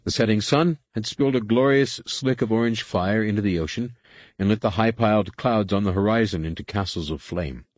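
A male narrator reads a science-fiction novel in a measured, steady way. His voice sits on the low side, and the recording is dry, with no room sound. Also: dry recording. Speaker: audiobook narrator. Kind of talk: scripted narration.

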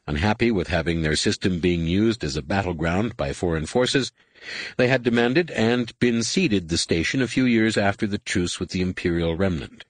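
A man narrating an audiobook with an expressive, varied delivery. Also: deep voice, moderate pace, dry recording. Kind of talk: scripted narration.

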